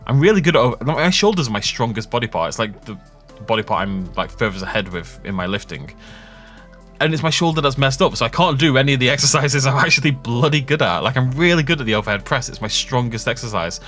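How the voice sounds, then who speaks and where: A man's voice: medium pitch, animated, fast, a bit bright, faint music behind. A young man rambling and joking as he plays, self-mocking and chatty. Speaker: gaming YouTuber. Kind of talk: rambling gameplay commentary.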